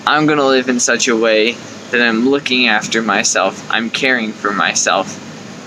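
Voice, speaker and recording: A young man with a medium-pitched voice hosts his own life coaching video, giving casual advice straight to camera over background noise. He's conversational and acts out the thoughts in his head as lively quoted asides.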